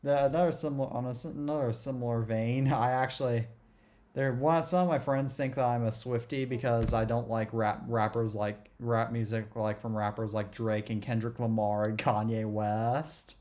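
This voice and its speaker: A man's voice: medium pitch, steady tone, normal speed, darkish tone. Young man from the American Southeast. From southeastern United States. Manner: leans hard on words, drags out word endings. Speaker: podcast guest. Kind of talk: casual chat.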